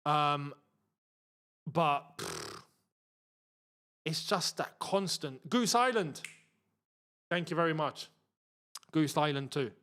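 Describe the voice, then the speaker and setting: A man's voice: on the high side, expressive, takes it slowly, pauses often, a bit bright. A young man casually hosting a live football watchalong, chatting in slang and reading out viewer messages. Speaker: host.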